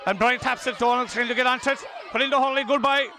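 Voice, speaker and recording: Excitable Irish man commentating a hurling match. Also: very high voice, fast talker, a little hiss or hum. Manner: excitable, shouting, openly partisan. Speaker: partisan club commentator. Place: outdoor hurling pitch. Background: crowd and outdoor ambience.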